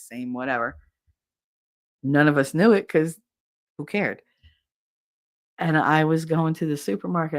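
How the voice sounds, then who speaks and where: A woman in her forties hosting a casual livestream, telling a family story and acting out everyone's lines with big jumps in her voice. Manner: animated, acts out quotes with big pitch jumps. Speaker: livestream host.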